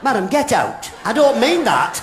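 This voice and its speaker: A man's voice: very high voice, wildly swooping pitch, normal speed. An older man playing the daft, cheeky half of a live comedy double act, giggling at his own gags. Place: large theatre stage before a laughing audience. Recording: echoey live theatre recording with audience noise.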